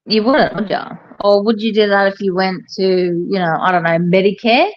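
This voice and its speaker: A woman, a hairdresser chatting casually and telling animated stories, with plenty of swearing. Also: mid-range voice, moderate pace, dull audio. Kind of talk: casual chat.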